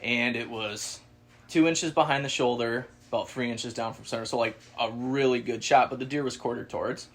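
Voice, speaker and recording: Podcast co-host, man, casual animated storyteller, salty language, mimics the people he quotes. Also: medium pitch, normal speed. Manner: animated, swearing, acts out quoted voices.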